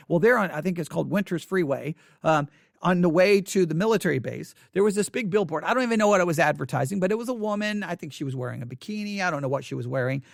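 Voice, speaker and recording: A man's voice: high voice, expressive, fast talker, vocal fry, no room sound, clean studio sound. A man hosting a casual spoken commentary, emphatic, often restarting his words.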